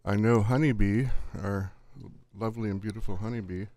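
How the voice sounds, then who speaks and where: A man's voice: lowish voice, steady tone, normal speed, darkish tone. A middle-aged man hosting a live stream in a casual, chatty way, greeting viewers by name and laughing often.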